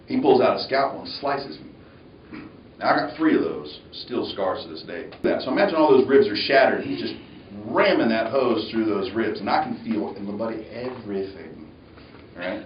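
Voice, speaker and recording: A man giving a motivational speech, telling his story in an animated way and acting out the voices. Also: lowish voice, moderate pace, a little hiss or hum. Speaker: motivational speaker. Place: university lecture hall. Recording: echoey, distant, dull hall recording.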